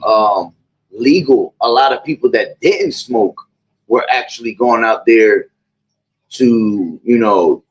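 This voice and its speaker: A man talking in casual, rambling commentary, full of fillers and repeated asides. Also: lowish voice. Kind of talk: casual chat, preaching-tinged commentary. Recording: dull lo-fi audio.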